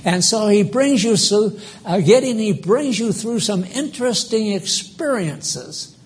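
A man's voice: sits high, animated, measured pace. An older man preaching a live sermon, emphatic and rambling, stopping to quiz his congregation.

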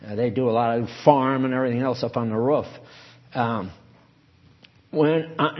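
A man's voice: medium pitch, normal speed. A man preaching a sermon in a conversational, digressive way, reading scripture aloud and asking his listeners questions. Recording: dull lo-fi recording.

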